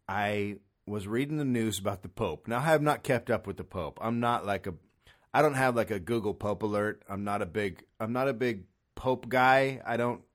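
A man hosting a podcast alone at home, ranting comically in an exasperated, profane way with sudden loud bursts. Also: medium pitch. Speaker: podcast host. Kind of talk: solo comedic rant. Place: son's room in an apartment. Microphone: studio microphone.

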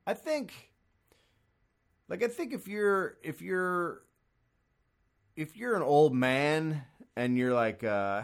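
A man hosting a podcast alone at home, ranting comically in an exasperated, profane way with sudden loud bursts. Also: a little high, lively intonation, takes it slowly, long pauses. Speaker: podcast host. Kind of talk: solo comedic rant. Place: son's room in an apartment. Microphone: studio microphone.

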